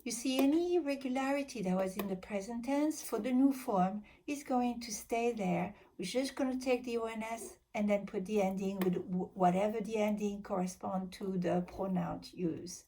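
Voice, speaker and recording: A woman's voice: mid-range voice, normal speed, hardly any pauses, warm tone. A woman teaching grammar in a recorded lesson, patiently walking through verb endings and spelling them out letter by letter. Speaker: French teacher.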